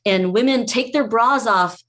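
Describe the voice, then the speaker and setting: A woman's voice: a little high, a little slow. A woman guest from the food industry, telling a long anecdote in casual chat and acting out what other people said. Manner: lively anecdote teller who acts out others' voices.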